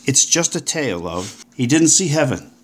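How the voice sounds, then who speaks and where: Brief: man playing a breezy British paleontologist of forty, brash, sing-song lively delivery. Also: medium pitch, moderate pace. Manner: jaunty, breezy, old-fashioned turns of phrase. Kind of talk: audiobook character voice.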